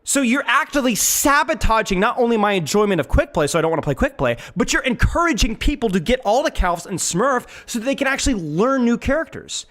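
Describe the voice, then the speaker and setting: A man's voice: extremely high pitch, animated, quick pace, few pauses, a bit bright. A man streamer giving emphatic gaming commentary, repeating his points.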